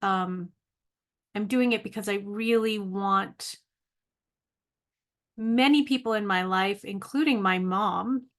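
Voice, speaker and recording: A woman's voice: medium pitch, slow pace, pauses often. A middle-aged woman, a native English speaker, talking casually to camera in a video diary, chatty and self-deprecating with frequent ums. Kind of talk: casual vlog monologue.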